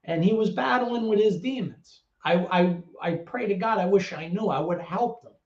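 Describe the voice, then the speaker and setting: A middle-aged man speaks candidly in a slightly high voice, blunt and full of curses, stumbling over repeated words. The recording is roomy and a little dull and lo-fi. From New York. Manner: blunt, heavy swearing, halting repetitions. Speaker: interview guest. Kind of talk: candid storytelling.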